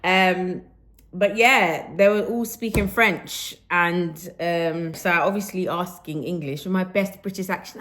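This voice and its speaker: A woman's voice: medium pitch, normal speed, a little hiss or hum. Woman vlogging at home. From Jamaican roots. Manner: animated storytelling, slipping into patois. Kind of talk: casual vlog chat.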